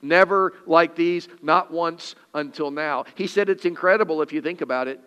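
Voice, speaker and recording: A pastor preaches with earnest emphasis, his voice sitting a little high for a man. He reads scripture dramatically, and his words ring out with a long reverb from the hall around him. The delivery is steady and deliberate, built for a congregation. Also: smooth. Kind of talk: sermon.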